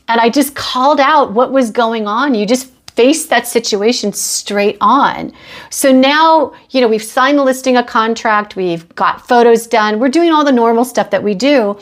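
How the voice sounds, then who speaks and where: A middle-aged woman hosting a podcast, telling a personal work story in a chatty, anecdotal way. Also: a little high. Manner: chatty, anecdotal, with acted-out quotes. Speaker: podcast host and real estate agent. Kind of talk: storytelling monologue.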